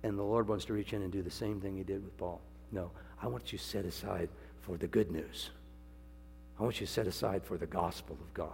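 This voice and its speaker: An older man preaching a sermon in a folksy, joking way, swinging from quiet asides to loud, high exclamations. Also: brisk, creaky. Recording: long hall reverb, faint hum.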